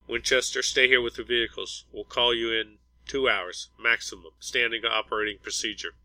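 A man's voice: medium pitch, fairly even intonation, moderate pace, bright, forceful tone, no echo, low-quality recording. A man voicing a grieving, blunt starship captain who gives firm, clipped orders. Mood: commanding.

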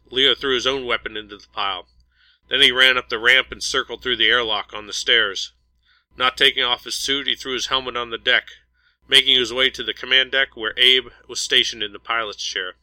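A man narrating an audiobook in a steady, even storytelling manner. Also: medium pitch, brisk, dry recording, poor audio.

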